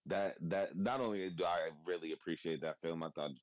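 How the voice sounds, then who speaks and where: A man with a low voice talks in loose, rambling casual chat, full of fillers and cursing. His voice sounds dry and close, with no room around it. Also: fairly quick, no echo. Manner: rambling, swears freely, many fillers. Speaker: podcast co-host.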